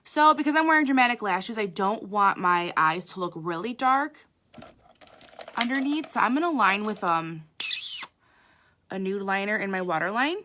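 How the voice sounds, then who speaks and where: A woman's voice: mid-range voice, animated, normal speed, long pauses, pushed and bright. A woman makeup artist giving a chatty live makeup tutorial, talking straight to her viewers.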